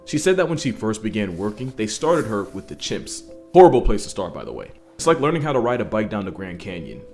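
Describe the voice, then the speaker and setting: Animated fast-talking man telling a story. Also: lowish voice, soft background music. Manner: animated, jokey asides. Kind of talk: casual storytelling to viewers.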